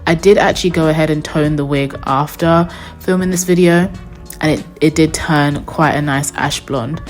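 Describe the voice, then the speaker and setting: A woman's voice: deep voice, fairly even intonation, normal speed, soft background music. A young woman narrating a wig install tutorial as a voice-over, chatty and upbeat, talking straight to her viewers. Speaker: beauty vlogger.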